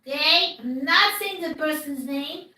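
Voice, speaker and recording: A woman with a very high, bright voice talks slowly in a whiny, sing-song way, breaking into giggles and mock sobs. She sounds like she's streaming from across an echoey room, away from the mic. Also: distant mic. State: mock crying. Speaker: cosplay livestreamer. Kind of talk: theatrical livestream rant in character.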